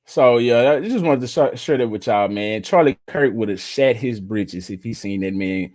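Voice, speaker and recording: A man's voice: mid-range voice, expressive, normal speed, a little mellow. A man hosting a casual livestream, giving blunt commentary, laughing often and mocking what he disagrees with.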